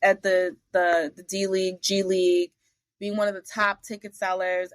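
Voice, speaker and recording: Animated woman telling stories, dry sound. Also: medium pitch, moderate pace, dry recording. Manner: animated, acts out the other people in her stories; blunt, salty asides. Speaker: interview guest. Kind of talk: casual storytelling interview.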